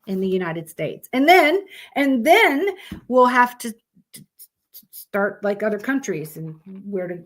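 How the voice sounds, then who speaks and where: A woman's voice: medium pitch, a bit bright. A woman hosting a live stream, chatting casually with her viewers, greeting them by name and swearing freely.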